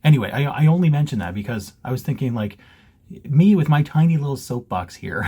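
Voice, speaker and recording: A man's voice: medium pitch, lively intonation, brisk, mellow, slightly rough. A man chatting casually to camera from his basement, joking, self-mocking and laughing often. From Canada. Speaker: cross-stitch vlogger. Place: home basement.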